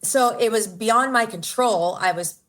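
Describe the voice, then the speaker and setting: A woman's voice: fairly high pitch, measured pace, a bit bright. A woman, a radio personality telling her story earnestly in an interview. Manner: earnest and emotional, with bursts of laughter and exclamations. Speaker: radio personality, podcast guest.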